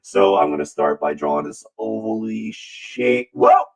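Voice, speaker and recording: A man hosting his art livestream, chatting in a goofy, rambling way with bursts of playful shouting. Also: low-pitched, wildly swooping pitch, unhurried, creaky. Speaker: livestream artist host. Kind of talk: casual drawing livestream chat.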